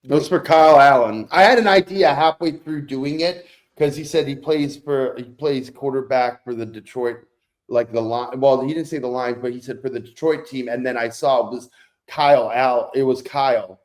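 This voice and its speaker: A man's voice: medium pitch, moderate pace. Man, podcast co-host, casual chat, profane, self-deprecating.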